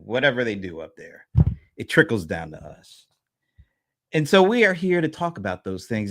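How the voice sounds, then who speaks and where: A man hosting a small-business live stream, playful and theatrical, swinging between loud bursts and hushed asides. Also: on the low side, sing-song, moderate pace, long pauses, dry recording, clean studio sound. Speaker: show host. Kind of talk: lively live-stream banter.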